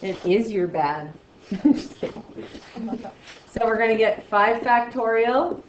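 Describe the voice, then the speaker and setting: A woman teaches a math class in a loud, excitable voice. She jokes at her own expense between steps, and a faint hiss runs under the recording. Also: a little high, slow, long pauses, lo-fi sound. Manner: loud, excitable, self-mocking. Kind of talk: classroom lesson.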